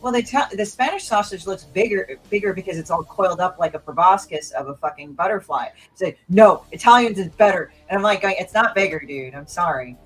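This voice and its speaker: A woman's voice: fairly low pitch, animated, fairly quick, few pauses, breathy edge, low-quality recording. A woman co-hosting a casual live-stream chat, bawdy and full of jokes. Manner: bawdy, joking. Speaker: co-host.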